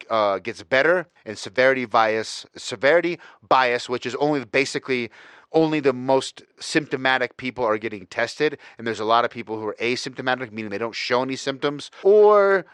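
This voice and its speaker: A man's voice: medium pitch, fairly bright tone, smooth, no room sound. A young man from Florida hosting a podcast in a casual, profane, rambling monologue with plenty of jokes. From Florida, USA. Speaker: podcast host.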